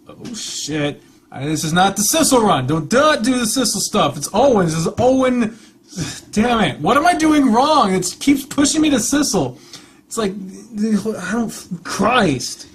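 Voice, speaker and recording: A man's voice: high voice, big pitch swings, unhurried, slight background noise. A young man reading a visual novel aloud with casual, sweary, wry asides. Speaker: let's play narrator. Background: faint music.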